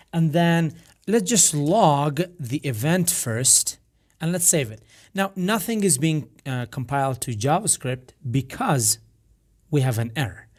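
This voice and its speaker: A man with a rough, gravelly voice, explaining a coding tutorial step by step with frequent fillers and restarts. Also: fairly high pitch. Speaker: programming instructor. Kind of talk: screen-recorded coding tutorial.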